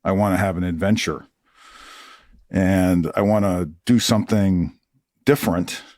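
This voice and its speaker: A man's voice: deep voice, unhurried, dry recording, clean studio sound. A middle-aged man, a retired army officer, telling stories in an interview and acting out the people he quotes. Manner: animated, acts out quoted dialogue. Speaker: retired army colonel, guest. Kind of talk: conversational storytelling interview.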